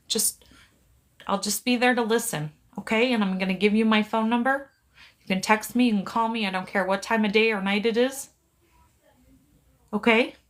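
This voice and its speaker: Middle-aged lady on a phone live, soft and pleading, gentle reassuring talk, normal pitch. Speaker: psychic medium live-streaming. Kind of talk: live stream, one side of a conversation.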